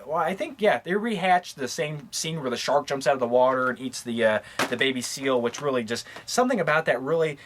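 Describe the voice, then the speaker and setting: A man casually touring his movie collection, talking quickly and offhandedly, cracking crude jokes and losing his train of thought. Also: mid-range voice, fairly bright tone, a little hiss or hum. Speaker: movie reviewer. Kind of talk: casual rambling collection tour.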